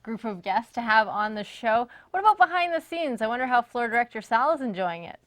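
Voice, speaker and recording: A woman's voice: fairly high pitch, very animated, fairly quick, a bit bright. Teasing female TV co-host. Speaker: TV show co-host. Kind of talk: light talk show banter.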